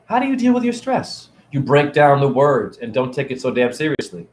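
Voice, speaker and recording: Speaking into his phone camera in an echoey room, a man gives a casual teaching monologue as a spiritual teacher, rambling, playful, and preachy. His mid-range voice is sing-song and a little quick.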